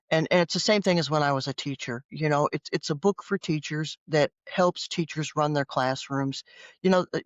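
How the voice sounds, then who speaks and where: A woman's voice: low-pitched, dry recording, highs cut off. A woman guest author telling stories animatedly in a conversational interview, often acting out what people said. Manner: animated, acts out voices in her anecdotes. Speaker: guest author and former teacher.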